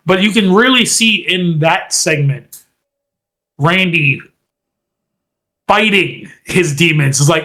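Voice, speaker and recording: A man's voice: high-pitched, unhurried, bright, forceful tone. A man co-hosting a podcast in casual chat, animatedly retelling events and acting out quotes in a raised voice. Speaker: podcast co-host.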